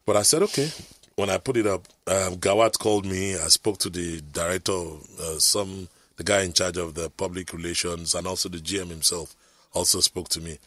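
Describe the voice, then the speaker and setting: A man's voice: low-pitched, steady tone, a little fast, a bit bright, no room sound. A middle-aged man, telling rambling stories in casual chat, with preachy asides.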